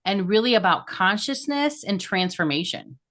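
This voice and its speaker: A woman hosting a podcast interview, speaking enthusiastically and stressing key words with sharp rises. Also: medium pitch, animated, moderate pace. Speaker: podcast host.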